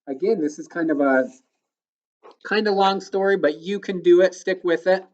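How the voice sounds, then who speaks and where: A male elementary school teacher's phonics lesson for children is captured on a dull-sounding recording. He explains patiently, step by step, and sounds words out slowly, his voice pitched high with a slightly mellow quality.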